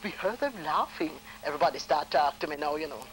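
A woman with a Jamaican accent telling a lively anecdote, laughing often and acting out the voices of the people in it. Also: low voice, fast, soft background music, low-quality recording. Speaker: storyteller.

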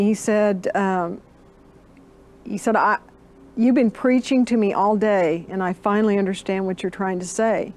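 Older woman guest, earnest storyteller, middle pitch, recalls the conversation line by line. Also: a little mellow. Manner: earnest storyteller, acts out quoted dialogue. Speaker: interview guest. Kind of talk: recounting a personal story.

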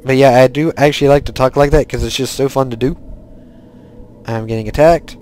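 A man's voice: medium pitch, fairly quick, darkish tone, rough recording. Chatty man narrating his gameplay. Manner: rambling, self-correcting, chatty. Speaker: gaming video host. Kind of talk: casual let's-play commentary.

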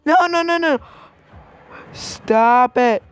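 A woman playing a scary maze game, gasping and yelling at the characters on screen. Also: high-pitched, very slow, smooth, no echo. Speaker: gamer. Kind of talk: game commentary.

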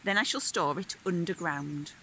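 A woman's voice: lowish voice, moderate pace, fairly bright tone, a little hiss or hum. A woman voicing a timid, forgetful young male rabbit in a picture-book reading, with an eager, wondering manner. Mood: proud.

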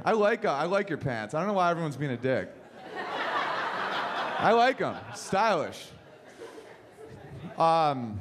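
A man doing a stand-up set in a comedy club, talking in an animated way, acting out voices and swearing casually. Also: high-pitched, background noise. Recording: live club set with loud crowd laughter.

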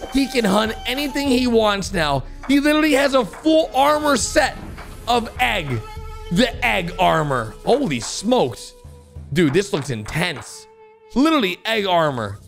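A young man giving excited reaction commentary on animated videos, with an exclamatory, animated way of talking. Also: high voice, gravelly. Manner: animated, exclamatory, frequent gasps and laughs. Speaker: gaming YouTuber reacting to animations.

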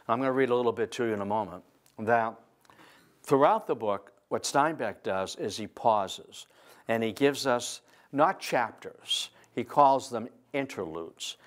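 A man lecturing on history to an audience, telling it as a lively, digressive story. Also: medium pitch. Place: library event room.

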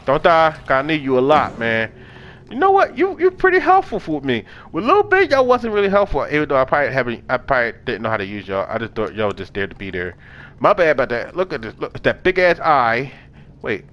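A man's voice: medium pitch, sing-song, fairly quick, fairly bright tone. A young man giving casual let's-play commentary, chatting to the game characters in slang and swearing often. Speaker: gaming channel host.

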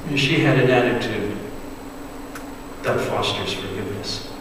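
A man preaching a sermon as pastor, retelling a story with dramatic swings between loud emphasis and hushed, quiet passages. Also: mid-range voice, a little slow, background noise. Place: church sanctuary. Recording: echoey church hall, distant mic.

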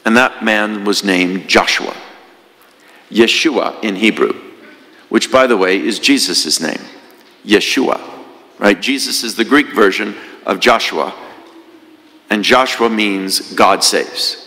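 Guy priest preaching, bright tense voice, echoey church, lots of "right?" questions. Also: on the low side, unhurried. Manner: conversational preaching with rhetorical questions. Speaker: parish priest. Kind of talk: sermon.

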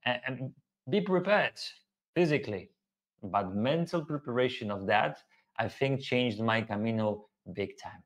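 A man's voice: medium pitch, lively intonation, a little slow. A man hosting a casual live Q&A, talking earnestly and repeating key phrases for emphasis. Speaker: host.

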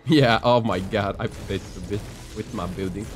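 A young man in casual gameplay commentary, excitable and joking, with playful exclamations. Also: fairly low pitch, moderate pace, soft background music. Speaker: gaming youtuber.

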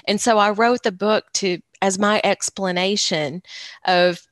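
A woman's voice: mid-range voice, fairly quick, dry recording. A woman in her thirties from Tennessee with a Southern accent, talking about her life as a guest author in a friendly, folksy, rambling way. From Northwest Tennessee, USA. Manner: chatty, folksy, frequent restarts and fillers. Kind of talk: casual interview conversation.

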